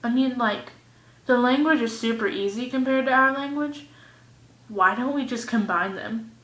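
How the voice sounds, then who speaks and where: A woman's voice: a little high, moderate pace. Goofy rambling teen girl, echoey room. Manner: goofy, rambling, jumps between mumbling and loud outbursts. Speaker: vlogger. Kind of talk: casual vlog rant. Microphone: phone or webcam.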